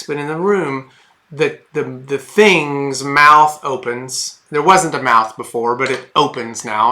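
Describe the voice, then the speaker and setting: A man's voice: mid-range voice, pushed and bright. A man running a tabletop game as game master, narrating in a rambling, hesitant way with many fillers and restarts.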